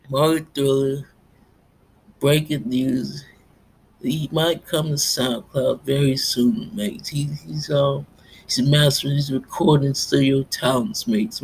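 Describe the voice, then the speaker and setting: A man rambling in a monologue, tacking "mates" onto nearly every phrase in a halting, repetitive delivery. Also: mid-range voice, vocal fry, a little hiss or hum. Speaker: self-styled pastor vlogger.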